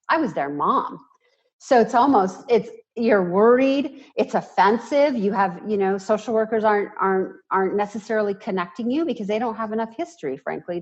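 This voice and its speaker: A middle-aged woman directing a charity, speaking earnestly and from the heart as an interview guest. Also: mid-range voice. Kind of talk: interview conversation. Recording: dull, muffled audio.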